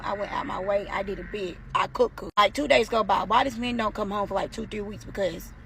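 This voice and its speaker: A woman telling a long personal story in a casual, profane storytime vlog, swinging between low mumbles and loud outbursts. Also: vocal fry, slight background noise.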